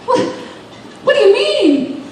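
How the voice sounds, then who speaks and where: A woman putting on a shrill, scolding young friend. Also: very animated, takes it slowly, heavily acted. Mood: puzzled. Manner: scolding, incredulous. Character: exasperated young friend on the phone. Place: bar open mic stage. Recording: echoey room, distant mic, background noise.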